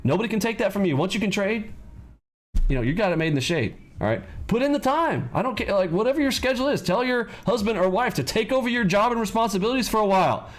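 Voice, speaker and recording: A man's voice: high-pitched, expressive, quick pace. A man coaching traders in a live lesson, blunt and preachy, lecturing his audience directly. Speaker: trading coach. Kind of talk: live trading lesson with pep talk.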